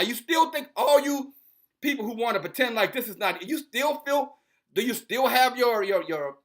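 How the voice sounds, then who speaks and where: A man with a high, bright, cutting voice delivers a passionate rant and reads a news article aloud. He confronts his listeners directly and lectures them. He trips and repeats words as he reads. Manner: confrontational, preachy, calls out his audience; stumbles and repeats words when reading aloud. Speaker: video commentator. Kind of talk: impassioned commentary and article reading.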